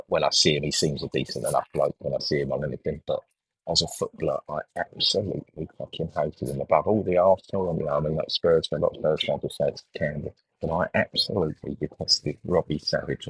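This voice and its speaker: A man's voice: a bass voice, husky, no echo, distant mic, poor audio. A middle-aged man hosting a sports betting podcast, ranting bluntly and swearing in exasperation. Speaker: podcast host.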